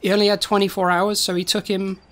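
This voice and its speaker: A woman co-hosting a comedy podcast, telling a rambling tall tale in a deadpan way. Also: medium pitch, fast talker. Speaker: co-host.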